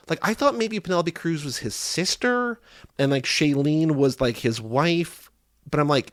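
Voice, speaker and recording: A man co-hosts a podcast in a dry, close-sounding room. He talks casually and gets animated, acting out his own reactions as he goes. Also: a little high, moderate pace, no echo. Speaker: podcast co-host. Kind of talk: casual chat.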